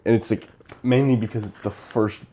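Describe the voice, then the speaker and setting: Young male co-host, low and mellow, rambling casual movie recap, acts out the characters' lines. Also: steady tone, normal speed, slight background noise. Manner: rambling plot recap full of fillers, acting out characters' lines. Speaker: co-host of a movie review show. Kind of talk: casual chat retelling a film.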